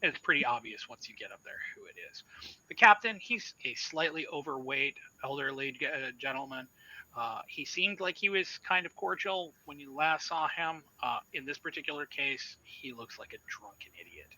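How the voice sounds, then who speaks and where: A man's voice: on the high side, lively intonation, moderate pace, sharp tone, poor audio. A man narrating a sci-fi horror tabletop game as game master, casual and loose with fillers.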